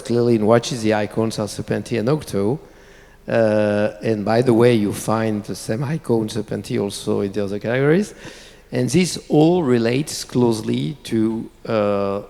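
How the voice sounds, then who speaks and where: A man with a gravelly, mellow voice makes measured, deliberate statements. He sounds like an executive addressing the press. His voice rings out with a long reverb in a large space. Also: medium pitch. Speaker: company executive.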